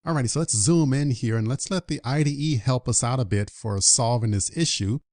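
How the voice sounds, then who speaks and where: A man's voice: medium pitch, fairly quick, darkish tone, no echo, clean studio sound. A man teaching programming in a screen-recorded coding tutorial, upbeat and walking through each step aloud. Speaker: programming instructor.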